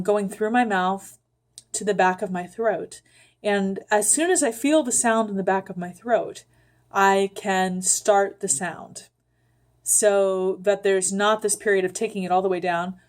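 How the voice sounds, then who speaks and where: A woman giving a calm, unhurried voice lesson, guiding the listener step by step with frequent ums. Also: mid-range voice. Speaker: voice teacher. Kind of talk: vocal instruction with sung demonstrations.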